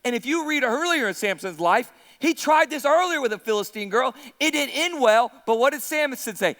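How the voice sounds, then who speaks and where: A male pastor with a very high, bright voice, preaching as an animated storyteller who acts out every character. His lively delivery carries a long reverb from a large hall. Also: moderate pace, hardly any pauses. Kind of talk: sermon.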